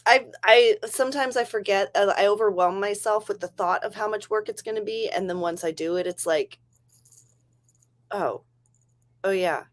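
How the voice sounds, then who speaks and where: A woman's voice: medium pitch, fairly quick, few pauses. Chatty woman hosting a writing stream. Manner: chatty, rambling, laughs often. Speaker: livestream host. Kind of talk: casual livestream chat.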